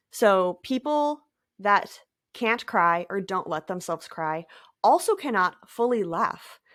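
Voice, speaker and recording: A woman hosting a reflective spiritual talk, speaking gently and thoughtfully with light laughs and trailing phrases. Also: on the low side, no echo, clean studio sound. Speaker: podcast host.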